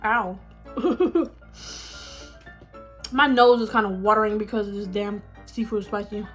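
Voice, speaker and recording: A young woman telling a story on her mukbang vlog in a casual, animated, dramatic way, with bursts of laughter. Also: mid-range voice, a little slow, faint music behind. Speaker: vlogger. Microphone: phone.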